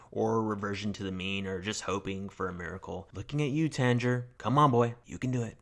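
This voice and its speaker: A man's voice: on the low side, gravelly, fairly bright tone. A young man hosting his own finance channel, talking in a wry, self-mocking way with jokey asides. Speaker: finance YouTuber. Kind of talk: casual scripted monologue.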